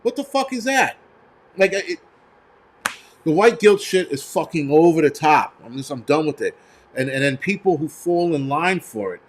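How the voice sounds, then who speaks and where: A man with a fairly high-pitched voice rants on a live stream. He is blunt and profane, circling back with fillers like "you know" and thanking viewers in the chat as he goes. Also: lively intonation, normal speed. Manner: reads out viewer donations and chat. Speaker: livestream host.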